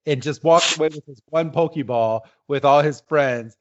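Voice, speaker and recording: A man co-hosting a podcast in casual chat, retelling the plot with halting fillers. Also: a little high, lo-fi sound. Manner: rambling, halting, with many fillers. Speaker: podcast co-host.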